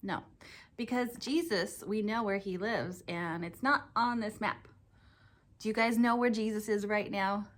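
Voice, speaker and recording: A woman's voice: mid-range voice, fairly even intonation, a little slow. A woman teaching a children's church lesson, speaking in a sing-song, exclaiming way as she chats with a dog puppet.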